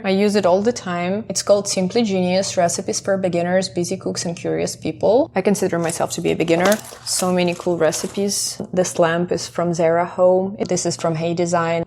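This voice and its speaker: A woman's voice: on the low side, vocal fry, a little mellow. Chatty young woman touring her apartment. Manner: chatty, enthusiastic about decor. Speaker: vlogger giving an apartment tour. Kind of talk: casual vlog narration. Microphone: small handheld camera.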